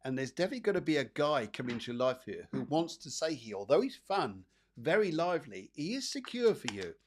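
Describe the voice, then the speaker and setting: A man hosts a live psychic reading stream, talking through cards for his viewers. He rambles, repeats his phrases and fills the gaps with ums and ahs. His voice sits in an ordinary middle pitch. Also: big pitch swings, fast. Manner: chatty, rambling, repeats phrases, frequent fillers. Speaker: psychic medium host.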